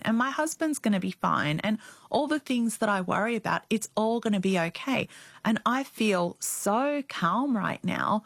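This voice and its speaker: A woman's voice: medium pitch, lively intonation, moderate pace, gravelly, no echo. A woman in her forties, a guest, telling a very personal story in an earnest, reflective way. Her voice rises when she quotes her own thoughts.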